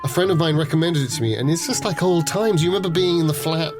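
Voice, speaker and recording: A man's voice: a little high, voice pushed up, natural voice. A man voicing a flustered, apologetic middle-aged mother who giggles through her apologies, in a tabletop game with music behind. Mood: chatty. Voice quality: breathless and giggly, with rapid apologies. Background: background music.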